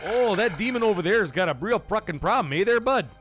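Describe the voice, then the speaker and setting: A man's voice: high-pitched, animated, fast, music in the background, pitched above the performer's own voice. A man putting on an exaggerated Canadian accent as a folksy tough guy who threatens people and keeps calling them "bud.". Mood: mock threatening.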